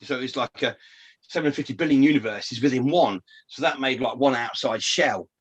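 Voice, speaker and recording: A man's voice: mid-range voice, fairly quick, slightly rough, lo-fi sound. A man chatting on a podcast, telling a rambling story with frequent swearing and many restarts. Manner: animated storytelling. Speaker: podcast co-host. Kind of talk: casual chat.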